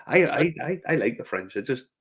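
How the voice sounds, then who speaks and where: Northern Irish man, middle-aged, animated storyteller, swears a lot, pitch jumps all over. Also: brisk, a little hiss or hum. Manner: animated storyteller, swears freely, laughs often. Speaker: podcast co-host. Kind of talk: casual chat, anecdote.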